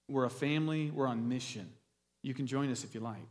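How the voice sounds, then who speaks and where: A pastor delivering a sermon in a church, talking loosely with restarts and fillers and an earnest tone. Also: male voice, medium pitch, quick pace, in a large hall. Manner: earnest, gets emotional near the end.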